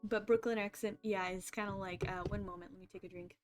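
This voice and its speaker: A woman's voice: medium pitch, steady tone, fast, faint music behind. A woman hosting a live stream, chatting casually in a rambling, laughing way. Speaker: streamer host.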